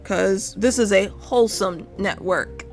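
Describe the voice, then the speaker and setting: A woman's voice: medium pitch, a little slow, soft background music. A young adult woman streaming live, chatting casually and rambling while she draws, with frequent self-interruptions and casual swearing.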